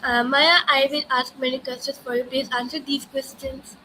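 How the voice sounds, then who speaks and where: A woman student interviewer reading prepared questions in a halting, hesitant way. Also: high voice, little pitch movement, bright, forceful tone, slight background noise, poor audio.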